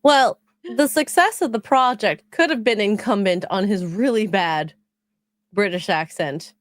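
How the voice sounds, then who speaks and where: A woman's voice: mid-range voice, unhurried, no room sound, studio quality. A woman in a casual podcast chat, playful and giggly.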